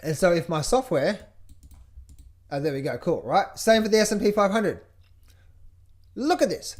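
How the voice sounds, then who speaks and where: A middle-aged man coaching on trading, talking over charts in an energetic, playful way, chanting phrases in a sing-song repetition. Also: high voice, moderate pace, pauses often. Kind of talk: casual market commentary over charts.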